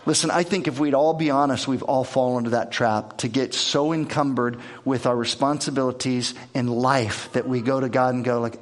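A man's voice: mid-range voice, fairly even intonation, moderate pace, few pauses. A man preaching a conversational sermon, earnest, repeating words and acting out the lines he quotes. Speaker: pastor.

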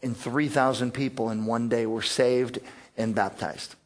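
A man preaching a sermon to his church, earnest and animated, often restarting phrases with fillers. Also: medium pitch, a little slow. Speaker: pastor.

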